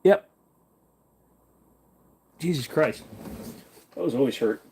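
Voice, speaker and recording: A man's voice: medium pitch, lively intonation, slow, darkish tone. A young man from Virginia hosting a casual livestream, reading viewer comments and answering them bluntly and off the cuff, swearing now and then. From Virginia, USA. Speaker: livestream host.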